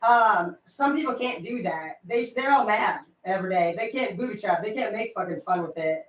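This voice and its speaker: A woman's voice: mid-range voice, moderate pace, roomy sound, distant mic, low-quality recording. Profane, rambling woman telling wild stories. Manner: profane, rambling, excitable storyteller. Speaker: tarot reader. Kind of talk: casual spiritual reading vlog with storytelling.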